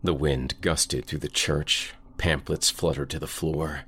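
Male horror-podcast narrator, very low and gravelly, slow and ominous. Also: fairly even intonation, a bit bright.

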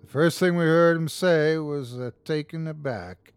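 A man's voice: a little high, unhurried, clear, resonant tone, dry recording. Man narrating a horror story. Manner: tense, dramatic reading with acted shouts. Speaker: host and narrator.

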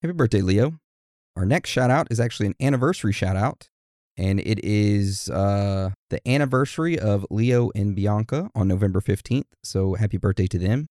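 A man co-hosting a podcast, reading birthday shout-outs in a casual, joking, animated way. His voice sits low and sounds dry and close to the mic. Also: normal speed, no echo. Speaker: podcast co-host. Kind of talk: casual chat.

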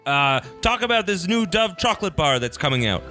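A man's voice: high-pitched, sing-song, fairly quick. A man co-hosting a comedy podcast with dry, easygoing remarks and frequent laughter. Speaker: podcast co-host. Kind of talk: casual comedic chat. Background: music.

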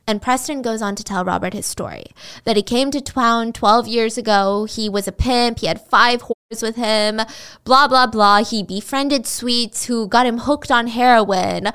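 A woman's voice: mid-range voice, clear, resonant tone. A woman casually retelling a true-crime story, chatty and blunt, swearing freely and filling her speech with "like.".

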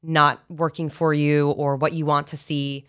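A woman's voice: low-pitched, level tone, unhurried, fairly bright tone, smooth. A woman communication coach, giving guests explanations and affirmation in a podcast interview.

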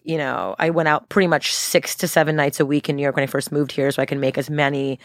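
A woman entrepreneur telling stories in a casual podcast interview, animated, laughing often and speaking in quick bursts. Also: low-pitched, creaky, no echo, studio quality. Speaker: guest entrepreneur.

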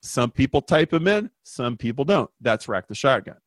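A man telling an anecdote in a lively, conversational way, acting out the voices of the people in it as a guest explaining marketing. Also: medium pitch, normal speed, no echo. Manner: animated, acts out quoted voices. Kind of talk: conversational storytelling.

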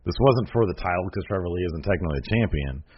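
A man's voice: deep voice, lively intonation, quick pace, a little hiss or hum. A man casually recapping a show in a rambling way, full of fillers and joking asides. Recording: dull lo-fi recording.

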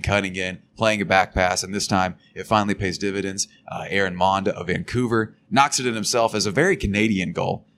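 A man's voice: sits low, a bit bright, a little hiss or hum. A man co-hosting a podcast, casually recapping a soccer match in a chatty way. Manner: chatty, swears casually, laughs. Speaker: podcast co-host.

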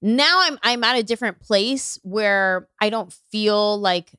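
A young adult woman, a comedian guest, telling candid, animated stories in a casual interview. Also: mid-range voice, unhurried, clean tone, dry recording, clean studio sound.

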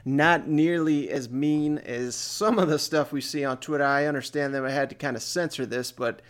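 A man's voice: a little high, normal speed, clean tone. A man hosting a sports podcast, chatting casually and joking with his cousin. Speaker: podcast host.

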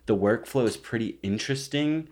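A man's voice: mid-range voice, moderate pace, darkish tone. A young man hosting a casual podcast chat, crude and teasing as he jokes around with his co-hosts. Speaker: podcast host.

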